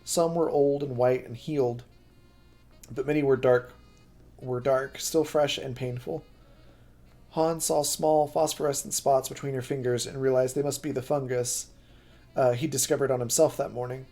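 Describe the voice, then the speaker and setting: A man reading a novel aloud on a live stream, steady but with occasional slips that he corrects. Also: mid-range voice, moderate pace, faint music behind.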